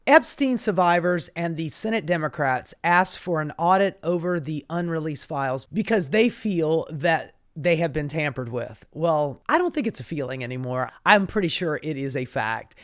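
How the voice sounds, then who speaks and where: A political commentator rants with sass and plenty of swearing. The delivery is animated and comedic, full of asides like "baby" and "honey." The voice has a middle pitch. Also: normal speed. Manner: sassy, profane, animated. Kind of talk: profane comedic political rant.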